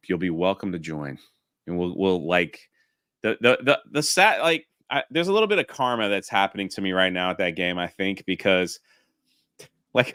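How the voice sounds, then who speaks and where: A man co-hosting a casual podcast chat, telling a story in an animated way and laughing as he goes. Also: on the low side, smooth, dry recording, studio quality. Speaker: co-host.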